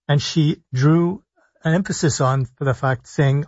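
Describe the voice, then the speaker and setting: A man, a physician hosting a call-in radio health talk show, speaking deliberately and stressing his points as he lists things one by one. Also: fairly high pitch, a little mellow, no room sound. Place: radio studio. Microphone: studio broadcast mic. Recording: dull lo-fi radio sound.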